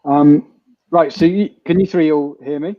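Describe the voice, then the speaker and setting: A man hosting a casual podcast over a video call, halting and repeating himself as he sorts out technical trouble. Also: a little high, mellow, no echo. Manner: halting, repeats words while sorting out tech problems. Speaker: podcast host. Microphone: computer mic on a video call. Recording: dull, crackly lo-fi call audio.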